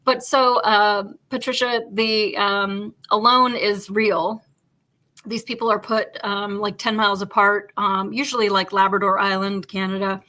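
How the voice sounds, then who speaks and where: Podcast host, woman, bright forceful voice, rambling casual storyteller. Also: medium pitch, measured pace. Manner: rambling, animated storytelling full of fillers. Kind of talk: casual chat.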